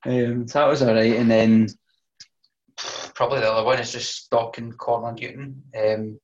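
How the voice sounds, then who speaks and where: A young Scottish man chatting on a podcast, swearing casually as he tells stories. His voice sits at an ordinary pitch. The recording sounds a bit dull and lo-fi. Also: little pitch movement, normal speed. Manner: swears freely, storytelling with laughs. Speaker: podcast co-host. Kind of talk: casual chat.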